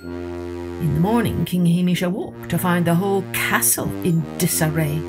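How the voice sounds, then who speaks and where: A woman storyteller reading a picture book aloud in an expressive, rhythmic way. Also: fairly low pitch, moderate pace, music in the background.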